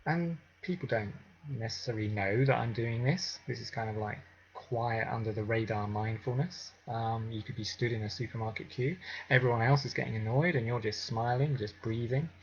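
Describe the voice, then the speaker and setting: A man teaching mindfulness in an unhurried, conversational way, with many filler ums. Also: medium pitch, muffled recording, a little hiss or hum. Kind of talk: informal teaching talk.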